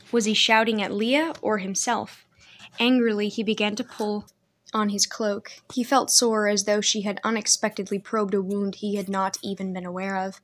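Female narrator, mid voice, steady measured storytelling. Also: medium pitch. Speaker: audiobook narrator. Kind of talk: scripted narration.

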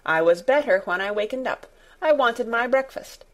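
A woman reading the part of a sickly, demanding young boy in a storybook, a little higher than her narrating voice. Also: animated, normal speed, fairly bright tone. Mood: imperious. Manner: demanding, petulant.

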